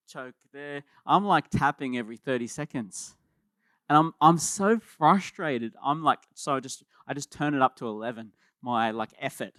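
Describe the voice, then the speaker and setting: A man preaching a sermon as pastor, in a conversational and animated way, often repeating words as he starts a thought. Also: mid-range voice, no room sound, clean studio sound.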